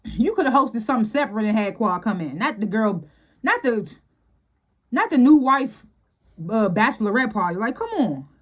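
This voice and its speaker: A woman's voice: a little high, normal speed. Chatty woman recapping a TV episode. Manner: chatty and animated, laughs often, acts out quotes. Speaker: TV show reviewer. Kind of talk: casual episode recap monologue.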